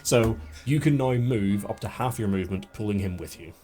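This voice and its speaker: A man's voice: lowish voice, animated, fairly quick. A British man narrating a tabletop game as game master, chatty and explaining rules with laughs.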